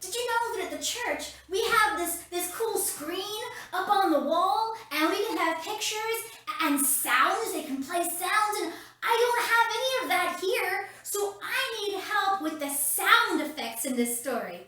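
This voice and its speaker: A woman's voice: very high-pitched, expressive, measured pace, few pauses, sharp tone. A woman leading kids' story time from her home, upbeat and talking straight to the children. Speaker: children's ministry leader. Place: at home, roomy indoor space. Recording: very echoey room, mic at a distance.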